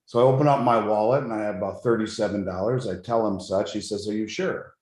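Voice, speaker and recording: Low-voiced man telling a long story. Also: fast, echoey room. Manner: animated, fond of retelling a long anecdote. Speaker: precious metals dealer, guest. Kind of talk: storytelling in an interview.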